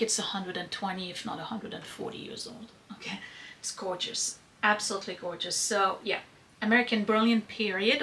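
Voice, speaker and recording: A woman's voice: medium pitch, sharp tone, poor audio. A woman who runs a vintage shop, chatting enthusiastically as she shows off pieces to her viewers. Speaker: vintage shop owner showing items. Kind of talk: casual product showcase.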